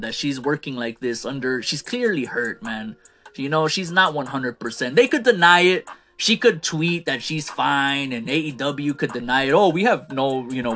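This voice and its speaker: A man rants through his wrestling takes in a bright, forceful voice that sits a little high. He gets fired up, then lets phrases sink low and trail off. Faint music plays under him. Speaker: wrestling commentary host. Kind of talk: casual opinion rant.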